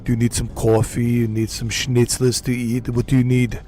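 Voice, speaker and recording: A man's voice: mid-range voice, monotone, normal speed, dark tone, lightly acted. A man doing an impression of a boastful, aging male action-star bodybuilder, in a rambling, self-mocking way. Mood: playful boasting.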